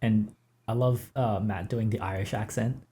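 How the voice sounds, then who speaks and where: A man's voice: lowish voice, fairly even intonation, normal speed, warm tone. A man co-hosting a podcast in casual chat, rambling and filling his talk with likes. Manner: rambling, full of likes and restarts. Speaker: podcast co-host.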